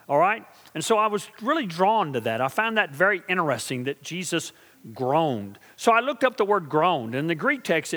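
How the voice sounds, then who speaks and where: A middle-aged man preaching to his congregation in a fairly high voice, with a long hall reverb trailing behind him. He drops to slow, hushed intensity and then climbs into loud, driving emphasis, checking in with his listeners as he goes. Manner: preaching with call-and-response asides to the congregation; shifts from quiet, slow intensity to loud, emphatic build-ups. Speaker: pastor. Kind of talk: sermon.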